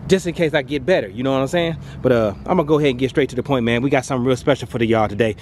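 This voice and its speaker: A man in an excited car walkaround vlog, talking outdoors at a dealership lot in a hyped, slangy way with rhyming wordplay and repeated catchphrases. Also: mid-range voice, rapid-fire, hardly any pauses, music in the background. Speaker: car vlogger.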